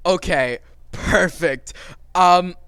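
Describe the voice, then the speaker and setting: A man narrating as game master of a tabletop role-playing game, animated and rambling, swearing now and then. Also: sits high, very slow, clean tone, no echo. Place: home streaming setup.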